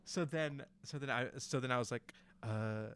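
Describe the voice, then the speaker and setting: A man's voice: mid-range voice, normal speed, a bit bright, clean tone. Rambling young man telling a story. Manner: rambling, many restarts and fillers. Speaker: podcast guest storyteller. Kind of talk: casual chat.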